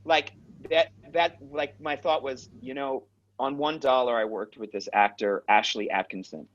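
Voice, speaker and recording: A man with a New York accent, a guest actor telling stories in a direct, animated, casual interview way. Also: medium pitch, normal speed. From Queens, New York. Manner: direct, animated storyteller who swears. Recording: dull lo-fi sound.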